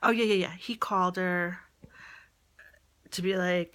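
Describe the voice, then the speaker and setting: A woman rambling and venting in a personal audio diary, often halting and trailing off mid-thought. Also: lowish voice, steady tone, a bit bright. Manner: venting about a relative.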